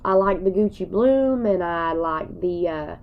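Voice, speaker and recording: A woman's voice: lowish voice, animated, a little slow, narrow, tinny audio. A woman vlogger talking to her viewers while crying, in a rambling, folksy way. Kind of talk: emotional personal vlog.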